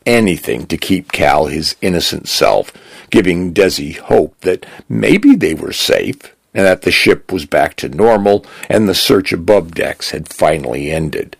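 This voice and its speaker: Deep gravelly male storyteller. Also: expressive, unhurried, no room sound. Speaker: narrator. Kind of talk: scripted narration.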